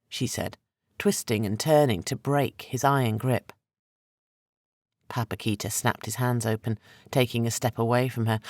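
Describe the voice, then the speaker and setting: An audiobook narrator reads a dark historical fantasy in scripted narration. His mid-range voice moves at a normal speed, and the studio recording is clean, with no room sound.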